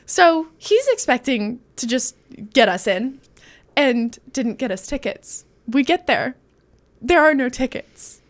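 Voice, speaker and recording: Woman, higher voice, podcast co-host, lively storytelling, acts out quotes. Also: slow pace. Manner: animated, acts out quotes, laughs often. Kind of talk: casual storytelling chat.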